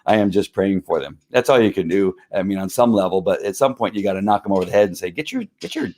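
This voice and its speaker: A man's voice: low-pitched, quick pace, dark tone. Heated man ranting on a livestream. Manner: heated, frustrated, rambling with many fillers. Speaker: livestream host. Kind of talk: casual livestream rant.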